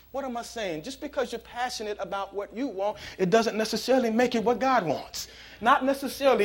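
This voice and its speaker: A pastor delivers a sermon in a notably high voice, talking it through like a story with plenty of "you know" asides. He often swells into loud, repeated, punchy lines to drive his point home. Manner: conversational preaching, rising to loud emphatic passages.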